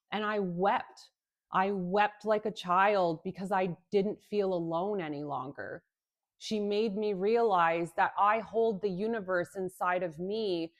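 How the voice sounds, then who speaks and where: A woman in her thirties talking warmly and earnestly into the camera from indoors, with soft hesitations. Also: medium pitch. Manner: earnest and tender, with many soft fillers. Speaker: spiritual healing vlogger. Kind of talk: heartfelt direct-to-camera talk. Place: indoors, filming under a ring light.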